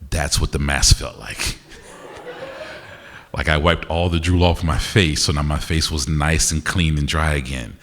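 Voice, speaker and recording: A man's voice: a bass voice, fairly even intonation, measured pace, a bit bright. A man performing live in a university auditorium, joking and doing call-and-response with the audience. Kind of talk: stand-up style crowd work. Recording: reverberant hall, live event.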